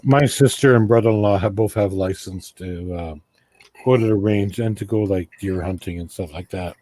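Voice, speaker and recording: Low guy in casual chat, stumbles and repeats words, faint noise behind. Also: normal speed, warm tone.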